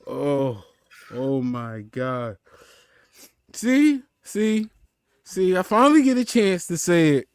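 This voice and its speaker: A man in his thirties hosting a casual chat show, playful and often laughing, with loud shouting bursts. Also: on the high side, sing-song, takes it slowly, long pauses, smooth, dry recording, studio quality. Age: 30s. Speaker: podcast host.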